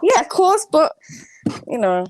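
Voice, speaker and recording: A woman's voice: high voice, sing-song, a little slow, slight background noise. A woman in casual group chat, teasing the others playfully.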